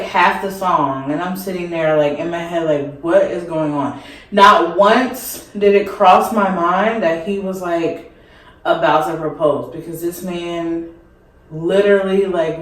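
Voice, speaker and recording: A young woman vlogger telling a story in a chatty, rambling way while doing her makeup, with lots of "like" fillers. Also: lowish voice. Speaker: beauty vlogger. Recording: echoey room, mic at a distance.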